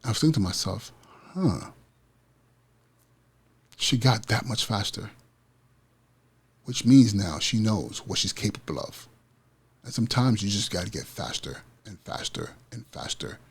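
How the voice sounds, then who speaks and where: Husky-voiced man giving a passionate pep talk. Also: fairly low pitch, animated, moderate pace. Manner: passionate, repetitive, emphatic preaching cadence. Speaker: podcast host, school principal. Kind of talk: motivational podcast monologue.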